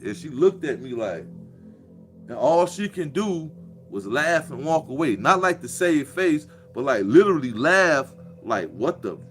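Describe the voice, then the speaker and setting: A man's voice: medium pitch, a bit bright. A man, delivering a profane, preachy monologue with a mocking edge. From Chicago. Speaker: commentator. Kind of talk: casual monologue.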